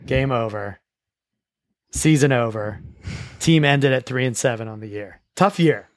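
A man's voice: medium pitch, a little slow. A man hosts a school sports show in an easygoing way, recapping games in an ordinary middle voice. He often trips over his words and restarts sentences. The sound is close and dry, with no room echo. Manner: relaxed, with frequent restarts and repeated words. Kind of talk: casual sports recap chat.

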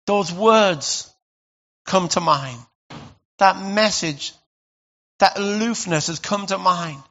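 A man preaching a sermon as pastor, conversational and animated, with sudden loud bursts. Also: sits high, slow pace, creaky, dull audio.

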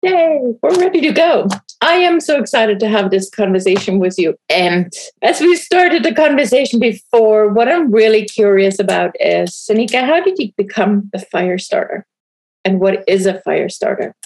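A woman's voice: mid-range voice, lively intonation, normal speed, a little mellow, rough recording. A woman hosting a podcast, introducing her guest and asking questions with enthusiasm. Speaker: podcast host.

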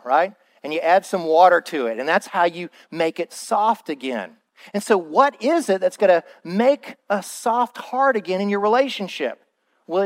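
Male pastor, sermon, lively swinging pitch, acts out quotes loudly. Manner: animated preaching, acts out quoted excuses in a raised voice. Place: church.

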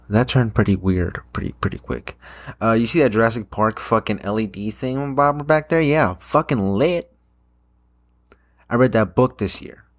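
Rambling, swearing young guy. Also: lowish voice. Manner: rambling, swears a lot, many fillers and restarts. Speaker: vlogger. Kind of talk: casual rambling monologue.

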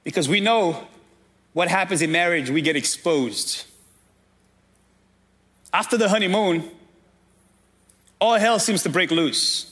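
High-voiced man preaching a sermon. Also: slow pace, pauses often, fairly bright tone. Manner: preaching, addressing the congregation directly. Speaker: pastor.

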